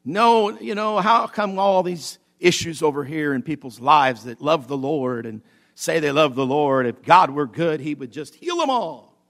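A man preaching mimics a sneering male devil whispering doubts in a high, loud, mocking voice. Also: expressive, unhurried.

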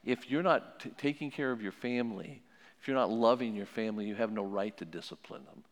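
A man teaching about parenting in a sermon style, telling stories in an animated way and repeating his key phrases. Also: on the low side, a little fast. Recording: long hall reverb.

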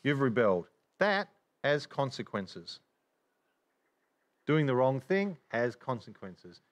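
A man teaching from the Bible in casual chat, animated, with many restarts. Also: medium pitch, slow pace. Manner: animated, acts out regretful inner voices, many restarts.

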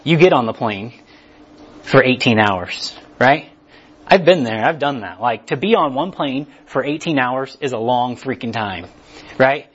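Husky casual preacher man. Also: mid-range voice, a little slow, dull audio. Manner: casual, animated, acts out inner voices. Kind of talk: conversational sermon.

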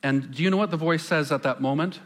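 A man preaching a sermon as pastor on a church stage, conversational, asking the congregation questions and pausing for effect. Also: on the high side. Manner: conversational, asks the congregation questions, dramatic pauses.

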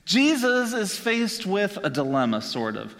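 A man preaching a sermon as an animated storyteller, acting out the people in the story with put-on voices. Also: high-pitched, a little slow. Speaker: pastor. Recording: long hall reverb.

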